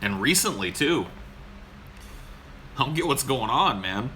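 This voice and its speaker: A man's voice: medium pitch, very animated, unhurried, pushed and bright, a little hiss or hum. A man co-hosting a podcast, telling a story in a casual, exasperated way, swearing often. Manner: profane, exasperated. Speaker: podcast co-host.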